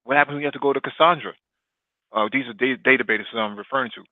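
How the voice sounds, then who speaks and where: A man's voice: medium pitch, fast talker, no room sound. A man co-hosting a casual podcast about economics and technology, explaining at length with many fillers and restarts. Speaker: podcast co-host. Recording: dry tinny phone-like line.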